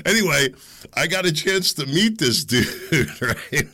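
A man hosting his own podcast, talking in a chatty, self-deprecating way with quick asides. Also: on the high side, animated, pushed and bright. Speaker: podcast host. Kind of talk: casual monologue.

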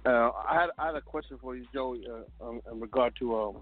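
A man's voice: mid-range voice, brisk, a little hiss or hum. A man calling in to a radio show, hesitating and using fillers as he starts his question. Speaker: caller. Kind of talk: call-in question. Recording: tinny phone line.

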